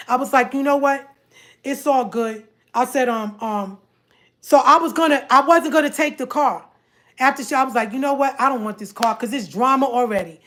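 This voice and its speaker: High-voiced woman telling a story, animated. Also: normal speed. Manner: animated, repeats herself, quotes others in dialogue. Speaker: vlogger telling a personal story. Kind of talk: casual storytelling.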